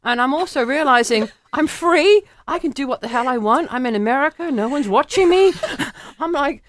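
A middle-aged English woman telling a personal story, animated and laughing, acting out quoted voices. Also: high voice, moderate pace. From England.

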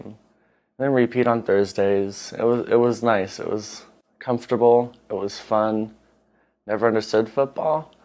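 A young man from Washington State with a fairly low voice tells a personal story in an easygoing way. He talks casually, with the odd "um" and restart. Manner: relaxed, conversational, with fillers. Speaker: storyteller sharing a coming-out story.

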